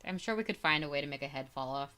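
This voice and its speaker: A woman's voice: low-pitched, expressive, very fast, pushed and bright. A woman co-hosting a casual book discussion podcast, chiming in with wry, teasing remarks. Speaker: podcast co-host.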